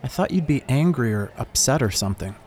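A man's voice: medium pitch, animated, a little fast, darkish tone, slight background noise, natural voice. A man voicing a nervous, tearful teenage schoolgirl who hesitates with ums.

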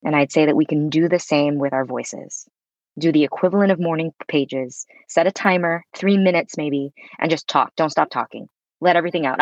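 Low-voiced expressive woman, lo-fi sound. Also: normal speed, no echo. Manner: expressive, effusive, swears casually. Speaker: podcast guest, voice coach. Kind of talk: conversational interview. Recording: dull lo-fi sound.

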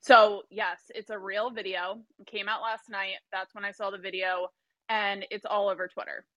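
Flat-voiced woman on a dull line. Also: mid-range voice, normal speed, no echo. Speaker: caller. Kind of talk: casual chat.

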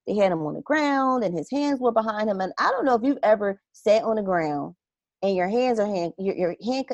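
Woman, mid-pitched, earnest and animated storyteller, close dry recording. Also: dry recording, dull audio. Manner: animated, acts out her own inner reactions; earnest and reflective. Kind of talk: casual conversational storytelling.

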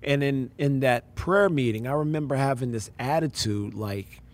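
A man's voice: medium pitch, normal speed. A man, a pastor, telling a personal story in casual conversation, acting out quoted voices and using slang.

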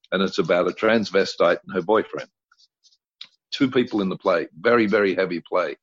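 Older male guest storyteller, blunt and salty. Low-pitched voice, dry muffled lo-fi audio. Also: no room sound. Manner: blunt, colorful storyteller who swears freely. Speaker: guest actor. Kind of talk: animated anecdote-telling.

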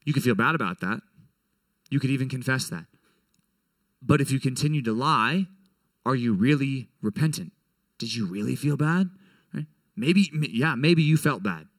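A man preaching a sermon to young people in a conversational, animated way, often checking in with "right?". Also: mid-range voice, moderate pace, pauses often, no echo.

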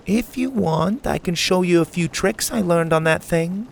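A man's voice: sits high, normal speed, vocal fry, slight background noise, pitched above the performer's own voice. A man doing a sly, teasing old grandma. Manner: teasing, gently mocking. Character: elderly woman, sly, calm, playful grandma.

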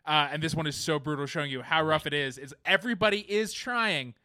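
A blunt, joking man chatting about a film. His voice is bright and a little high. It is recorded dry and close. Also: fairly quick, no echo. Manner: joking, blunt, retells scenes with quoted lines. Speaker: podcast co-host. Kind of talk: casual movie discussion.

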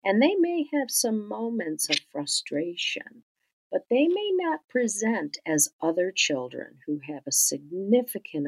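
A middle-aged woman working as a speech-language pathologist, explaining her therapy approach in a gentle, thoughtful way and often dropping softer. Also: low voice, poor audio. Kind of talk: instructional podcast talk.

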